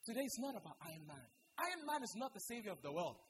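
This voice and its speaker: A preacher giving a church sermon to the congregation, swinging between loud exhortation and quiet pleading. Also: medium pitch, sing-song, fast, a little hiss or hum, poor audio. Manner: addresses the congregation directly with repeated calls. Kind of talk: sermon with altar call. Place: church service.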